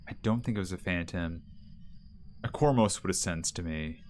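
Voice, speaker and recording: A man with a low, slightly mellow voice speaks at a normal pace over faint background noise. He's streaming a ghost-hunting game, chatting casually with viewers, talking to himself, and asking the ghost questions, all while dealing with mild allergies.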